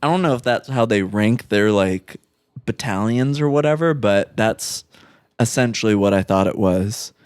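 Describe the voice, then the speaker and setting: A man's voice: on the low side, moderate pace, darkish tone, clear, resonant tone, no room sound, studio quality. A man co-hosting a podcast, chatting casually about a movie in a loose way, swearing and saying "like" a lot. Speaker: podcast co-host.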